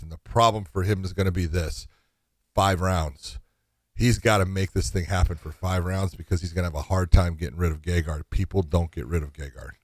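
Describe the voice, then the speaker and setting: A man's voice: low voice, no room sound. A man co-hosting a podcast in casual chat, blunt and emphatic, swearing freely. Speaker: podcast co-host.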